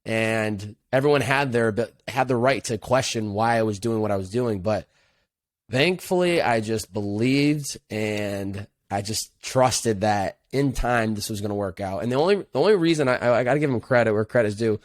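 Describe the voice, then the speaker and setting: A man's voice: on the low side, moderate pace, dry recording, studio quality. A young adult man, a podcast guest, telling his story in an earnest, reflective way with casual slang. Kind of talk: casual interview conversation.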